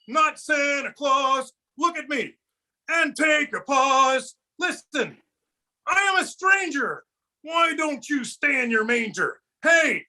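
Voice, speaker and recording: A man voicing a grumpy old grandpa who is sick of being mistaken for Santa, ranting and singing in a high, bright put-on voice. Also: full character voice, low-quality recording. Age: older. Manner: cranky, ranting, sings and shouts. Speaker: puppeteer. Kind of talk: comic puppet song.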